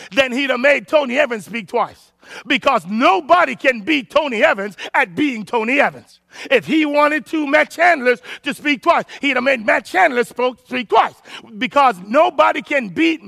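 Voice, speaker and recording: A man preaching a sermon to an online audience, telling a story with bursts of shouting. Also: extremely high pitch, creaky, dry recording, clean studio sound. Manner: talks to an online audience typing comments. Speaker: pastor.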